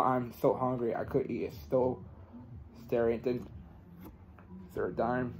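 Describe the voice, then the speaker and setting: A man's voice: medium pitch, level tone, a little hiss or hum, low-quality recording. A man reading a children's book aloud, stumbling and restarting words as he goes. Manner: halting, with frequent restarts and self-corrections. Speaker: reader.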